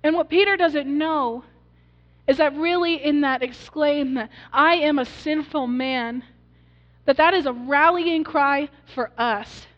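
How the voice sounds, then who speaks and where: A woman pastor with a high-pitched voice delivers an unhurried, earnest sermon, narrating the story and engaging her congregation through questions. Captured in a church sanctuary, the audio is muffled and dull, and the reverb lingers long.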